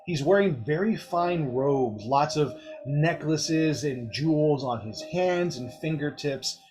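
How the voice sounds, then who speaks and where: A man's voice: fairly high pitch, lively intonation, slow pace. A man narrating a tabletop game as game master, chatty and descriptive, with fillers and light laughter between lines.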